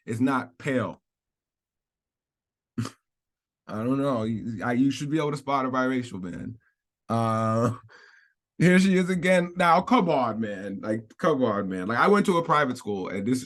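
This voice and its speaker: A man giving casual commentary as he reads out a news article, rambling and repeating himself, laughing often, and breaking off to hedge his points. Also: medium pitch. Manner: rambling, repetitive, hedging, frequent laughs. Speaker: commentary vlogger.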